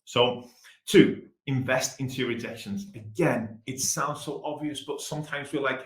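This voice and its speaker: A man with an English accent talks fast and energetically through a business webinar. His voice sits mid-range. He is recorded in a noticeably echoey room. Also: mid-range voice. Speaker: webinar presenter.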